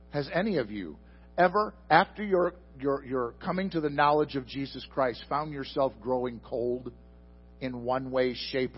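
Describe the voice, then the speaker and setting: A man preaching a sermon into a microphone before a congregation, asking them questions and swinging from loud emphatic bursts to soft, slow asides. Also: on the high side, slightly rough, dull audio. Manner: addresses the congregation directly with questions. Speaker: pastor. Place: church sanctuary before a congregation.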